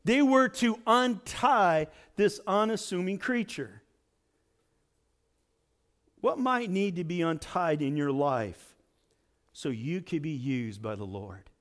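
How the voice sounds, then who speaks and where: A man preaching a sermon as pastor, dramatic, swinging from near-shouts to hushed asides. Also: high voice.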